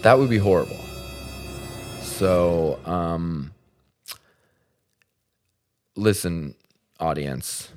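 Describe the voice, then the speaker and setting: A man's voice: low voice, very slow, long pauses, darkish tone, soft background music. A man hosting a podcast, telling a story in a profane, exasperated comic ramble. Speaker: podcast host. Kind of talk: rambling comedic monologue.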